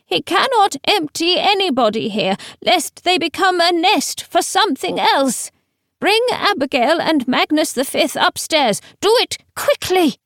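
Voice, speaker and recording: In this audiobook scene, a frail old man begs and frets in a thin, raised voice, as a woman narrator puts him on. He sounds terrified and urgent, pitched well above her own plain reading. The recording is close and dry. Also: expressive, moderate pace, a bit bright, no room sound. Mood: pleading. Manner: high, pleading, urgent. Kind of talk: audiobook character voice.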